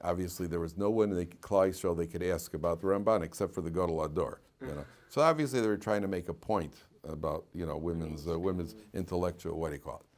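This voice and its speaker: Rabbi lecturing a class: man, lowish voice, animated storyteller who laughs often. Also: fast talker, hardly any pauses.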